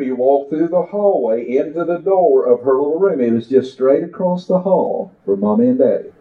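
A man's voice: fairly low pitch, dark tone, echoey room, recorded from a distance, lo-fi sound. A man preaching an impassioned sermon to a church congregation, exclaiming and telling a story. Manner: impassioned, exclaiming, rising and falling.

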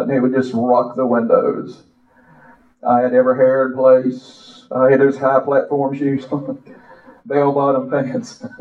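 An older man preaching a sermon, reciting a poem and telling his own story with impassioned, drawn-out phrases. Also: mid-range voice. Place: church. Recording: echoey, distant, dull church audio.

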